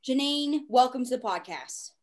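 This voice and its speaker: Young woman, podcast host, casual slang, laughs a lot, slightly high voice. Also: lively intonation, moderate pace.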